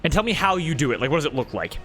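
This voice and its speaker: A slightly high-voiced man running a tabletop game, halting and thinking aloud with lots of fillers. Soft music plays underneath his talk. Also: big pitch swings. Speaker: game master.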